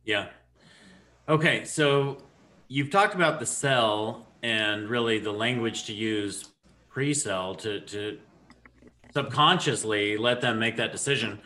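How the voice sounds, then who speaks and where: A man's voice: fairly low pitch, takes it slowly, pushed and bright. A man hosting a podcast interview, asking conversational, clarifying questions. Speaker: podcast host.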